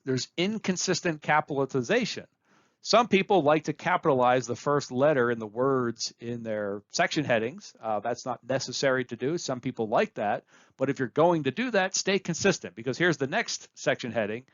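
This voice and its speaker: A man's voice: medium pitch, a bit bright, dry recording, muffled recording. A man giving a recorded course lecture, explaining points plainly and repeating key phrases for emphasis.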